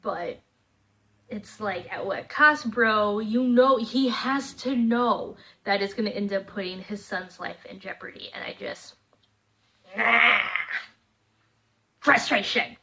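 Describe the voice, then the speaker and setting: A young woman vlogging a casual review of cartoon episodes, chatty and animated, slipping into playful voices. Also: medium pitch, slow, creaky, long pauses. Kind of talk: casual reaction chat.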